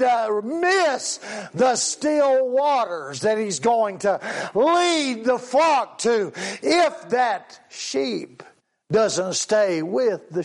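A man preaching a sermon, drawing out his phrases and punctuating them with frequent amens. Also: very high voice.

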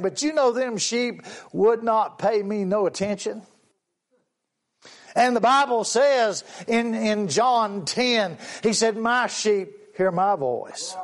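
Male preacher, unhurried, drawn-out delivery, amens throughout. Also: high voice. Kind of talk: sermon.

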